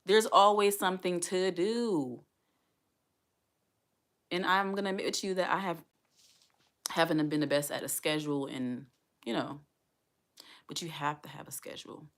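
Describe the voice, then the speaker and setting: A woman's voice: low-pitched, steady tone, a little fast, pauses often, fairly bright tone. A woman vlogging as a single mom, talking earnestly and heartfelt to her viewers and repeating herself for emphasis. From United States. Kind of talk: casual livestream talk to viewers.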